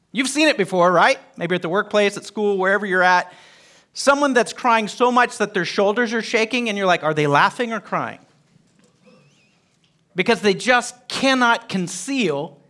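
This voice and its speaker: Bright, high-voiced man teaching scripture. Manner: emphatic, asks the group questions. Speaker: Bible teacher. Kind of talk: teaching Bible study.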